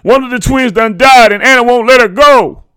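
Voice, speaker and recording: A man voicing a panicked young father who shouts urgent, pleading questions. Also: very high voice, moderate pace, clean tone, no room sound, studio quality, pitched above the performer's own voice. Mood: frantic.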